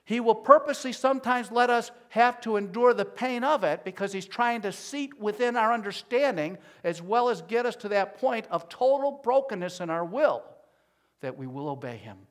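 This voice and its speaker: A man preaching a sermon as pastor, at times rising to loud pleading as he voices people's prayers. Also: high voice, lively intonation, moderate pace. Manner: builds to loud pleading when voicing prayers.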